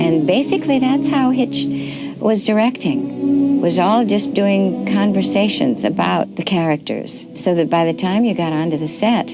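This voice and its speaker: An actress interviewed for a documentary, candid and animated, with playful asides. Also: female voice, on the low side. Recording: music playing under the voice.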